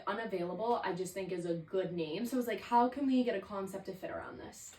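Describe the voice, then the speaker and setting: A woman in her twenties hosts a casual solo podcast, speaking candidly and chattily at medium pitch with lots of "like" fillers. She sounds far from the mic, in a roomy recording.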